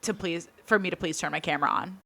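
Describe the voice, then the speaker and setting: This young woman has a bright, forceful voice and tells a story animatedly in a casual podcast chat. She acts out the quotes of everyone in the story as she goes. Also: fairly low pitch, quick pace, vocal fry. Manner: animated retelling with acted-out quotes. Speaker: podcast co-host.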